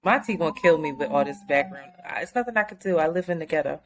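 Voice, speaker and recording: A woman's voice: low-pitched, lively intonation, fast. A woman co-hosting a podcast in casual chat, cutting in with dry, joking asides. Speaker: podcast co-host.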